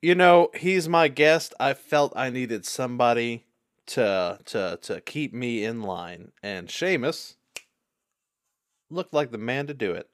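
A man's voice: mid-range voice, animated, slow, clean tone, no echo, studio quality. A man taking part in a tabletop role-play game, joking in a wry way. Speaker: player.

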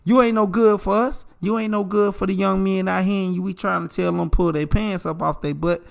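Animated preachy man, slightly high voice. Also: fairly quick, gravelly. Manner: animated, preachy, addresses listeners as bro and y'all. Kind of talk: casual advice talk.

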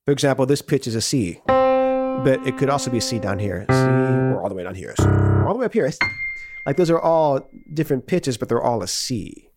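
A man who works as a music producer, calmly explaining pitch for a kids' lesson. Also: normal speed.

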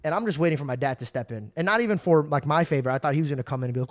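A man's voice: mid-range voice, very fast, no room sound. Man telling stories, dry close sound. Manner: animated, acts out quoted voices, swears freely. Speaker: podcast host. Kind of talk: casual storytelling chat.

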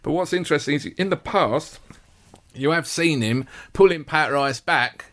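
A man hosting a casual football chat, telling animated stories and jumping higher when he quotes others. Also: normal speed. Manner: animated storyteller, jumps up in pitch for quotes. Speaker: football podcast host.

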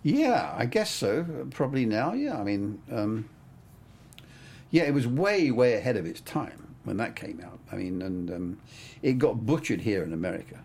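Low gravelly older man, rambling. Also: very animated, moderate pace, darkish tone. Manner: rambling, full of "I mean" and "you know". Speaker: cinematographer. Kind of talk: casual interview storytelling.

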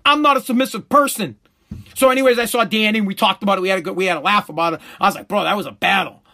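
A man's voice: high-pitched, very fast, bright, forceful tone. A middle-aged man, hosting a show and telling a profane story bluntly, with many restarts. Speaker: show host.

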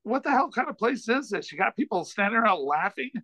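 A man putting on a gruff, mocking comedian voice that jumps high and bright, full of incredulous jabs. It sounds close and dry, with no room around it. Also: very animated, quick pace, dry recording, heavily acted. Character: impression of a famous male comedian, gruff and mocking.

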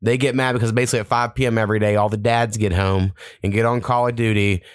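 A man's voice: on the low side, steady tone, fast talker, clear, resonant tone, no echo, studio quality. A man hosting a podcast, telling long casual stories full of swearing. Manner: profane, rambling storyteller. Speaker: podcast host. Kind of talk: casual chat.

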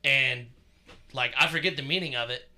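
A man's voice: medium pitch, moderate pace, bright, forceful tone. A man co-hosting a podcast, telling a story in casual chat, swearing freely and rambling with lots of fillers. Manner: profane, rambling, full of fillers. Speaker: podcast co-host.

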